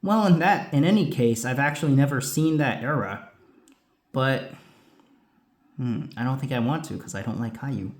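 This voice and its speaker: A man's voice: mid-range voice, normal speed, pauses often. A man casually chatting as a host answering viewer questions, rambling with lots of asides. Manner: lively, rambling, many asides. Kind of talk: casual chat. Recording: roomy echo.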